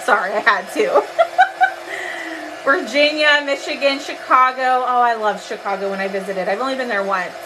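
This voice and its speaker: A woman's voice: mid-range voice, a little fast, hardly any pauses, background noise. A woman in her thirties from Texas with a twang, hosting a chatty craft livestream and greeting viewers as she reads their comments. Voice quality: laughs often.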